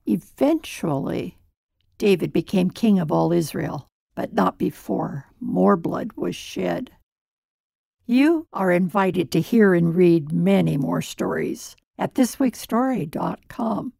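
Solemn woman story narrator, heavy vocal fry, dry booth sound. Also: fairly low pitch, lively intonation, mellow, no echo. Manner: measured, solemn reading.

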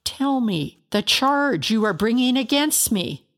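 A woman's voice: fairly high pitch, lively intonation, takes it slowly, voice pushed up. A woman voicing a grieving, ruined man in a storybook reading, anguished and pleading as he questions God.

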